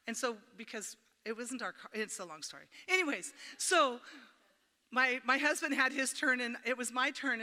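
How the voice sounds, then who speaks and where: A sharp-toned voice on the high side comes from a middle-aged woman at a women's church camp workshop. Folksy and chatty, she spins homey stories and jokes with the audience in the echoey camp meeting hall.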